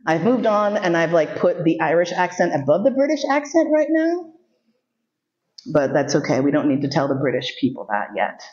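Her voice low, slightly mellow, and very animated, a fifty-something New Yorker lectures at a moderate pace as a sexuality educator. She shares candid, comic stories and voices the characters she quotes. The audio is muffled with a roomy sound.

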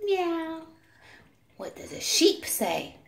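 A woman speaks sing-song baby talk to a toddler in a rather high, very lively voice, slow and drawn out. The home video is recorded in a small, very echoey room, with faint noise in the background. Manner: sing-song coaxing baby talk, asks animal sounds. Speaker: parent filming a toddler.

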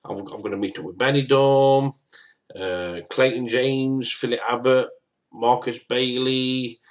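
A man's voice: medium pitch, fairly even intonation, unhurried. A man talking casually to his viewers, rambling and stammering, repeating himself often. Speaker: YouTuber. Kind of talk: casual vlog to camera.

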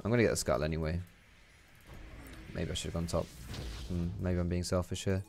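A young man giving casual, excitable gameplay commentary, chatty and swearing freely. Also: low voice, brisk, creaky, over music. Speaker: gaming YouTuber.

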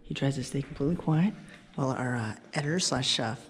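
A young man filming a casual behind-the-scenes vlog, teasing and slangy. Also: medium pitch. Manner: teasing, fast, slangy banter. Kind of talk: casual joking vlog narration. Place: museum and car. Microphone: action camera. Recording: handheld action camera with background noise.

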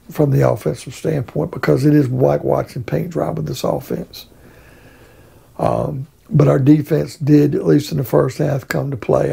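A man's voice: mid-range voice, creaky, mellow, husky. A middle-aged man hosting his own sports vlog, ranting bluntly and with profanity about his team. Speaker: sports vlogger host.

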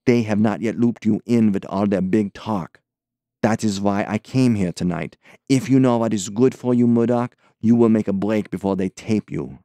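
A man's voice: fairly low pitch, moderate pace, no room sound, natural voice. A man voicing a scornful young man with a foreign accent, urging and mocking in a conspiratorial audiobook scene. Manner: mocking, urgent, forceful.

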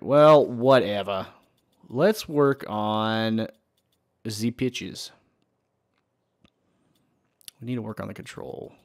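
A man's voice: on the low side, no echo, clean studio sound. A young man giving casual, swear-filled commentary while playing a video game, chatting to himself and the screen. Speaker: gaming channel host.

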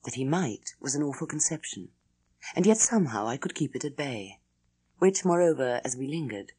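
A woman reading a classic novel aloud as an audiobook, with an expressive, dramatic delivery. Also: rumbling low, moderate pace, breathy edge. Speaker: audiobook reader. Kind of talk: scripted narration of a classic novel.

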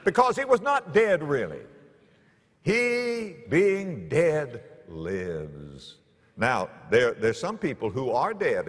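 A male preacher telling stories from the pulpit, his voice leaping from hushed lows to ringing highs. Behind him is the long reverb of a large church sanctuary. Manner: animated, dramatic swings in pitch and loudness. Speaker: pastor. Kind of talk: storytelling sermon.

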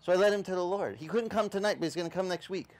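A male pastor telling a personal story in a sermon, acting out the voices in it. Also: racing. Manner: animated storyteller, acting out voices with big pitch swings. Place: beach service outdoors.

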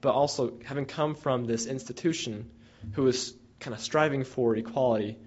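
A man's voice: mid-range voice, normal speed. A young man, a former field researcher, casually telling students an anecdote in a rambling way, with many restarts and fillers. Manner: rambling, with many restarts and fillers, animated when retelling dialogue. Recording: dull lo-fi recording.

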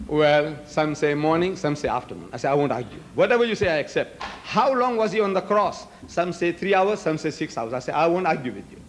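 A man's voice: fairly high pitch, very animated, fairly quick, hardly any pauses, a little hiss or hum. An older man with a South African accent giving a public debate speech, asking rhetorical questions and acting out both sides of an argument.

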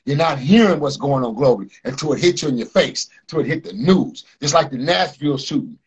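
A man's voice: fairly high pitch, animated, a little fast, husky. A man hosting a podcast, talking bluntly and profanely, speaking straight to his listeners. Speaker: podcast host. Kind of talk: casual podcast rant.

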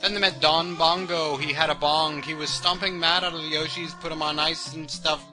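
An overblown storybook narrator reads in a sing-song, deliberately bad fake accent, put on by a man. The voice sits well above his normal register and leans into every line. Game music runs underneath. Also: on the high side, fairly even intonation, pitched above the performer's own voice, lightly acted. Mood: mock-dramatic.

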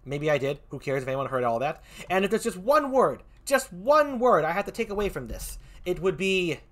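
A man hosting a comedic presentation game, excitable and rambling, tripping over his words. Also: sits high, normal speed.

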